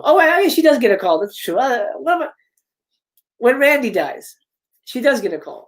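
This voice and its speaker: Animated man reading a script live. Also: extremely high pitch, normal speed, long pauses. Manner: animated, chatty asides. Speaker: host.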